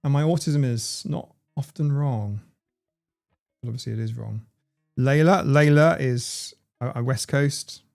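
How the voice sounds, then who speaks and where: A man's voice: mid-range voice, a little slow, creaky, a little mellow, faint music behind. A man, hosting a casual livestream and reading out viewers' comments in a chatty, playful way. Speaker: livestream host.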